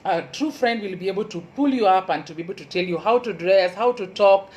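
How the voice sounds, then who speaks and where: A female university lecturer with a Kenyan Luo accent gives an earnest motivational talk, slowly repeating key advice for emphasis. Her voice is medium-pitched with a darkish tone, and the audio quality is poor.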